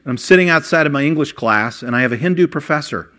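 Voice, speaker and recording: An older man preaches from the pulpit, telling personal stories. His voice sits a little higher than most men's, climbing for emphasis and dropping low and quiet when he recounts the past. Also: animated, quick pace. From Ohio. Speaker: pastor.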